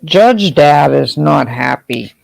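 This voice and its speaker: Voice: medium pitch, expressive, slow, gravelly, no room sound, poor audio. A livestream host giving casual, joking commentary on a court trial and talking to chat, close to the mic. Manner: dry, joking asides to chat.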